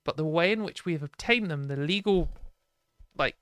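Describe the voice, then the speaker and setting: A British woman hosting a live stream, talking casually and frankly with lots of "like" and quick laughs. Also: low-pitched, a bit bright, no echo, studio quality. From Britain.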